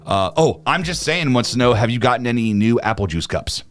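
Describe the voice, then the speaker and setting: A man's voice: mid-range voice, lively intonation, brisk, soft background music. A young man co-hosting a livestream, chatting loosely with lots of fillers and restarts. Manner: rambling, many fillers and restarts. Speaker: co-host of a livestream. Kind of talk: casual livestream chat.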